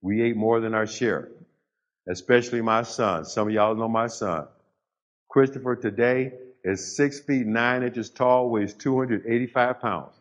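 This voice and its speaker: An older man giving a storytelling speech to a live audience, pausing for effect and building emphasis. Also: medium pitch, dull audio. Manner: storytelling with dramatic pauses and rising emphasis. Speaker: motivational speaker.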